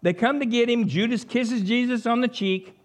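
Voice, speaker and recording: A middle-aged man, preaching a sermon as an animated storyteller who chuckles along. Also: extremely high pitch, normal speed.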